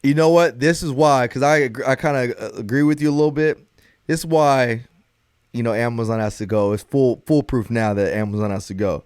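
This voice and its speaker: A man in his thirties, a father, telling a story in a relaxed podcast chat and often addressing the others as "bro". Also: mid-range voice, fairly quick, clear, resonant tone, no room sound, clean studio sound. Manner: laid-back storyteller who keeps saying "bro". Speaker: podcast co-host.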